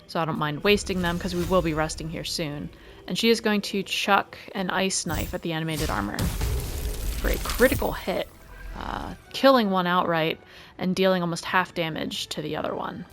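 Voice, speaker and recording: A woman doing let's play commentary, calmly calling out each move and roll of a turn-based game. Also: lowish voice, moderate pace. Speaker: gaming video creator. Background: faint game music.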